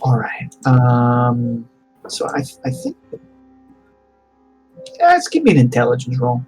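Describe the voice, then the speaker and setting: A man's voice: mid-range voice, huge pitch swings, slow pace, a little mellow, faint music behind, rough recording. A man narrating a tabletop game as game master, hesitant with many fillers.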